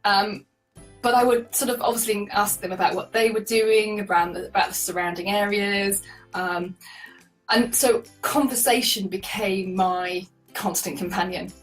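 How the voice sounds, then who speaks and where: A chatty, animated woman telling stories as an interview guest, laughing often. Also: mid-range voice, normal speed, far from the mic, faint music behind, poor audio. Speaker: guest, solo cyclist. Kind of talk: conversational interview storytelling.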